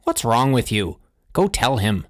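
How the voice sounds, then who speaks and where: A man voicing an anxious, scolding suburban housewife and mother in an audiobook, somewhat higher than his own voice. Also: very animated, a little slow, dry recording, clean studio sound. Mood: worried. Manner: sharp, fussing and scolding. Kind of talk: audiobook character voice.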